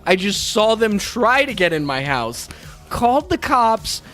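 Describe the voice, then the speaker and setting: Man, young adult, podcast co-host, casual profane rant, lively pitch. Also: unhurried, faint music behind. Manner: profane, animated ranting. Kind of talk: casual chat.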